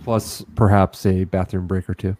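A man co-hosting a podcast, telling a rambling, excited story in casual chat with some self-mockery. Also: deep voice, normal speed. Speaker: podcast co-host.

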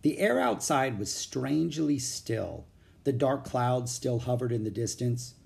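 A man narrating a children's chapter book, expressive, doing all the character voices. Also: mid-range voice, a little slow, gravelly.

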